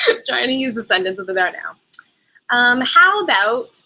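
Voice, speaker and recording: A young woman hosts a live chat, answering viewers' travel questions. She talks in a loose, rambling way, full of side remarks. Her voice is bright and forward. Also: a little high, expressive, slow pace, gravelly, long pauses, poor audio. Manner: chatty, rambling with asides. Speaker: travel show host.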